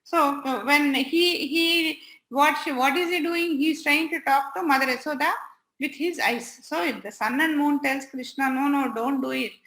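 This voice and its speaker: Woman storyteller, bright high voice, chatty and halting, echoey room. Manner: chatty, halting, with many restarts and fillers. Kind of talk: devotional storytelling.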